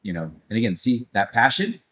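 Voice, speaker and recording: A man's voice: medium pitch, fairly quick. A man, a coach and guest, telling a personal story animatedly and acting out moments as he goes. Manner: animated storyteller, acts out moments, laughs often. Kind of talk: casual storytelling in a conversation.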